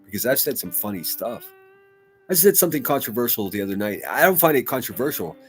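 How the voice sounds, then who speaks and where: A man's voice: medium pitch, sing-song, fast talker, soft background music. A man hosting a casual livestream, reading chat comments aloud and rambling in a loose, profane way. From United States. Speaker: livestream host.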